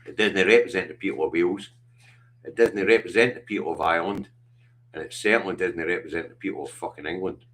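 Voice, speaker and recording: A man's voice: deep voice, fast, fairly bright tone. A middle-aged Scottish man hosting a livestream, talking bluntly and passionately with lots of swearing. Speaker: livestream host. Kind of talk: casual chat.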